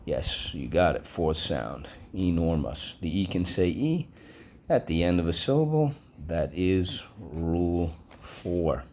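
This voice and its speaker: A man teaching a vocabulary and phonics lesson, drawing out each word slowly and deliberately. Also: sits low, very animated, a little mellow, a little hiss or hum. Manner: slow, deliberate, with drawn-out modeled words.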